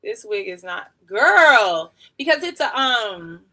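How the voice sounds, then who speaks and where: Woman in her thirties, beauty streamer at home; bright, loose, rambling delivery full of slang and asides. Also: a little high, very animated, slow pace. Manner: rambling, chatty, slangy, laughs often. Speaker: beauty livestreamer. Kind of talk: casual live-stream chat during a wig tutorial.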